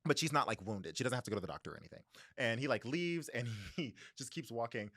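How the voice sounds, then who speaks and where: A young man co-hosting a book podcast, retelling a story in a lively, chatty way with quick asides and little voices for the people in it. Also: mid-range voice, no echo, studio quality. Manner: animated storytelling with voices and laughs. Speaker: podcast co-host. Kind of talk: casual book-club chat.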